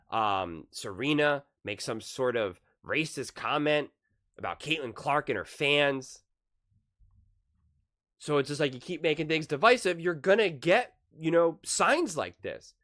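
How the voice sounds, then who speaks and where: A man hosting a casual basketball opinion vlog, talking with analogies and acting out quotes. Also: on the high side. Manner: lively, with acted-out quotes and analogies. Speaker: basketball commentary host.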